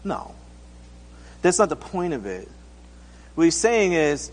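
A man with a high voice gives a relaxed, conversational sermon, acting out little scenes and asking his listeners questions. His voice rings with the long reverb of a large hall. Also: takes it slowly, long pauses. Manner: casual, acts out quotes, asks the congregation questions. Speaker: pastor.

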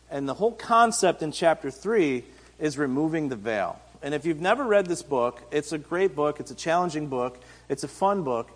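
A man giving a casual, conversational sermon, retelling Bible stories in everyday speech. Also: fairly high pitch. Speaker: pastor and teacher. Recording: reverberant hall.

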